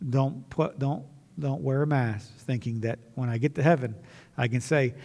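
A man's voice: medium pitch, normal speed, darkish tone, long reverb tail. A man preaching earnestly as a pastor, repeating key phrases and restarting mid-sentence. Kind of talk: sermon and closing prayer. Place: church sanctuary.

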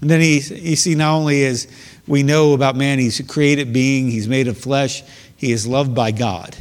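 A man's voice: mid-range voice, fairly even intonation, normal speed. A man preaching as a pastor, explaining scripture with rhetorical questions and reading verses aloud. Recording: long hall reverb.

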